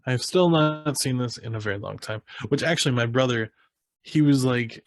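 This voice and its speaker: A man's voice: medium pitch, normal speed, no echo. Easygoing young man on a podcast. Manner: easygoing, agreeing, short backchannels. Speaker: podcast co-host. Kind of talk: casual chat.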